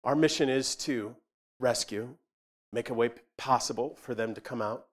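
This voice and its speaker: A man's voice: mid-range voice, moderate pace. Man telling a sermon story. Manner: storytelling, acts out dialogue, shifts from loud to quiet. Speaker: ministry leader speaking to a church.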